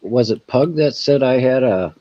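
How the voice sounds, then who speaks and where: A man hosting a casual livestream, upbeat and jokey as he greets viewers. His pitch swings widely, his tone is mellow and dark, and the audio is dull and lo-fi. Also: lively intonation, moderate pace. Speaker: livestream host. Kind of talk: casual chat.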